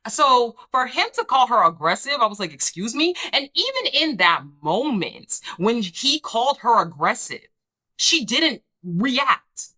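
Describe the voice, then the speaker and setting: Young woman host for a TV recap, sassy and emphatic, bright tone. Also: medium pitch. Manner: emphatic, sassy, acts out the people she quotes. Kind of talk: casual recap commentary.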